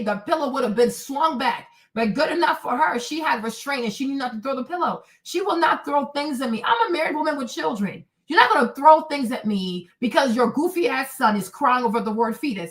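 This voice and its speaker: A young woman hosting a livestream, ranting indignantly to her viewers in a casual storytelling way. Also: high voice. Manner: animated, indignant, talks to viewers as y'all. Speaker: livestream host.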